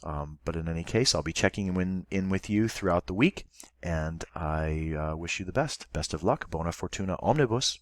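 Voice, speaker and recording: A man's voice: sits low, normal speed, no room sound, clean studio sound. A male teacher giving a recorded online class lesson, explaining step by step and thinking aloud as he goes.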